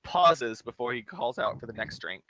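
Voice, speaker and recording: A man serving as dungeon master, narrating a tabletop session with a bright, forceful edge to his voice. His delivery is easygoing and loose, sprinkled with little fillers. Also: mid-range voice, expressive, normal speed, rough recording. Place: home setup, streamed live.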